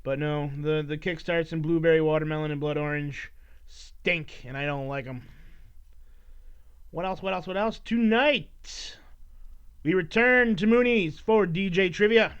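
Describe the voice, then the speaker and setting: Unhurried and clean-toned, this slightly high male voice belongs to a solo podcast host who rambles, swears, and mock-scolds his listeners in a casual way. The recording quality is dull and lo-fi.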